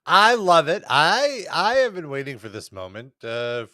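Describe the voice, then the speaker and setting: A man's voice: on the high side, very animated, normal speed, bright, forceful tone, no room sound, studio quality. A man appearing as a guest columnist in a casual wrestling recap chat, enthusiastic and rambling.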